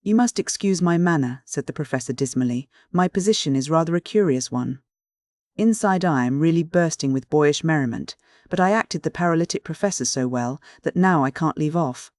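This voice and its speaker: A reader voicing a detective disguised as an old professor, speaking slow and dismal in an audiobook. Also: medium pitch, lively intonation, darkish tone, dry recording, studio quality, lightly acted. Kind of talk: audiobook reading.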